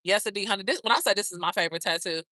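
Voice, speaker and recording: A woman's voice: medium pitch, very fast, bright, forceful tone, dry recording. A woman hosting a live stream, chatting casually with viewers in a brash, profane, gossipy way and calling them girl, baby and honey.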